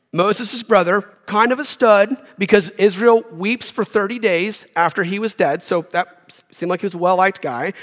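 A man's voice: high voice, a bit bright. A man preaching as a guest pastor, reading scripture with casual, joking asides. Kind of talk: sermon. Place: church hall. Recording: long reverb of a church hall.

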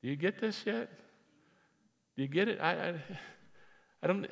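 Gravelly pastor preaching in an echoing hall. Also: male voice, a little high, moderate pace, pauses often. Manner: animated, repeats phrases for emphasis. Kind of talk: sermon. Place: church sanctuary. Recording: reverberant hall.

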